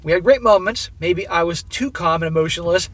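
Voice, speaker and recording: A man's voice: high voice, fairly quick, a bit bright. A man hosting a commentary channel, reading a story aloud and breaking off to comment on it in a casual way.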